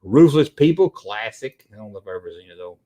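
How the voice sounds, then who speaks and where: Animated, swearing middle-aged man. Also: on the low side, quick pace. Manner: animated and profane, rambling between tangents. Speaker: livestream host. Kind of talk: casual livestream chat, answering viewers.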